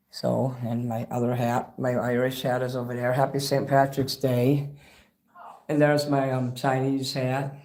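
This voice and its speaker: A man hosts a casual livestream, talking at an ordinary middle pitch. He rambles from one thing to the next and swears freely. He gets excitable as he goes. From Chicago. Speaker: livestream host.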